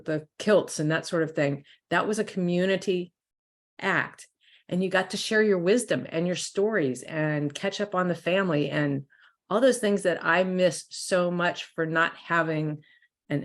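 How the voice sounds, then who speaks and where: A woman with a low voice and a gravelly edge chats on a video call. Her talk is warm with gratitude, heartfelt and a little rambling as she shares. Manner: grateful, chatty, heartfelt. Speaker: intuitive healer sharing as an audience member. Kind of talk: casual sharing on a video call.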